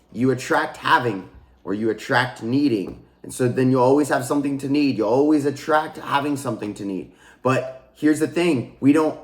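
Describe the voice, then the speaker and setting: This is a man giving an unscripted spiritual teaching to camera, at a middle pitch. He is earnest and repetitive, restarting his sentences and calling his audience guys. His voice rings in a noticeably echoey room. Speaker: spiritual coach and channel host. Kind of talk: casual spiritual teaching monologue.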